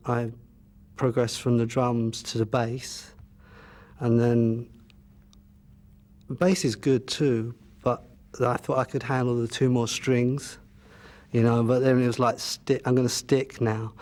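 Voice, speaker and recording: A man's voice: medium pitch, a little mellow. A musician answering interview questions and looking back on his band's early days in a loose, rambling way, with frequent "you know" and restarts. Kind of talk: casual reminiscing interview answer.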